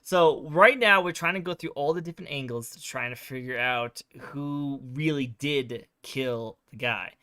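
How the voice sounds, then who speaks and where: Bright-voiced man rambling through a game recap. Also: medium pitch, normal speed, hardly any pauses, clean tone, dry recording, studio quality. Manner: rambling, filler-heavy storytelling. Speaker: streamer. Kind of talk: casual game recap chat.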